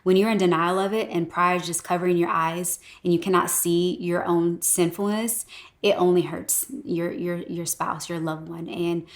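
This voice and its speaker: A middle-aged woman co-teaching on marriage, gentle and affirming. Her voice is low and stays quite even in pitch. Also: normal speed.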